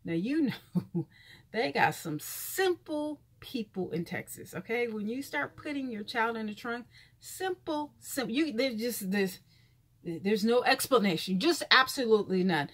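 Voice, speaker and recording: A woman's voice: a little high, animated, measured pace, a bit bright. A woman vlogger reading news headlines aloud and adding blunt, profane comments with sighs and asides.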